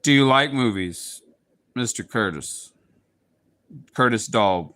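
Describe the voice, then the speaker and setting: Chatting casually with his livestream viewers, a Southeast Texas man with a Texan accent talks slowly in a medium-pitched voice that sounds pushed and bright, with lively intonation. As host he stays playful and drifts into goofy voices.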